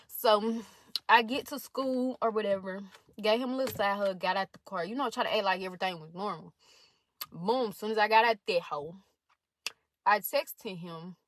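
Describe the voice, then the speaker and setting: A woman's voice: medium pitch, no room sound. A young woman in college telling a blunt, profane storytime, reading out text messages between others. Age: young adult. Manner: blunt, profane, animated retelling. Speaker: storytime vlogger.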